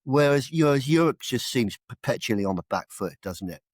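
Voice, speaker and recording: A man's voice: medium pitch, lively intonation, fairly quick, dry recording. A middle-aged retired army general from England with a British accent, chatting casually as a guest and tagging questions onto his points. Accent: British English. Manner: talks in tag questions, repeats words as he starts. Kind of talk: casual conversational interview.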